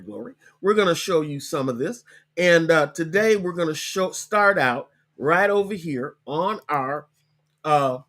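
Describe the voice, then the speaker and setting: A man hosting a live online session, coaching viewers on starting a business, talking casually, repeating links slowly and ending lines with "okay?". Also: on the high side, a bit bright. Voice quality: hiccups. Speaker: podcast host.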